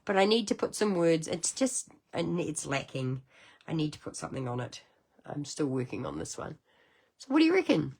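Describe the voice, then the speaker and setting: Chatty New Zealand woman, low voice. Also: very animated, a little fast, vocal fry, darkish tone, husky. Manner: chatty, rambling, cheerful with sudden high exclamations. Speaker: card-making livestream host. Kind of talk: casual craft livestream chat.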